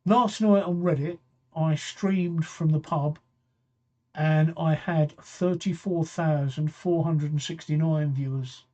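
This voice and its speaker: A man's voice: on the high side, steady tone, slow, darkish tone, lo-fi sound. A man, hosting a late-night talk stream, rambling and repeating himself as he answers viewer comments. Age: 60s. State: tired, yawning late at night. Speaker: talk show host. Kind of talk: casual live-stream chat.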